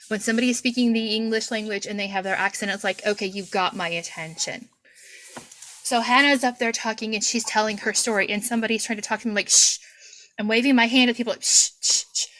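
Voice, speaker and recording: A woman in her forties, a podcast host, telling a lively story over a video call and acting out the voices of the people in it. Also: fairly high pitch, rough recording. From Kentucky, USA. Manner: animated storyteller, acts out quoted voices, laughs often.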